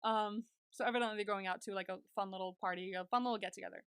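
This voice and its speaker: A woman's voice: mid-range voice, fairly even intonation, very fast, a bit bright, smooth, no room sound, studio quality. A young woman co-hosting a podcast, chatting casually and gushingly while recapping a TV episode, saying "like" a lot. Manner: gushing, chatty, heavy use of "like". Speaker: podcast co-host.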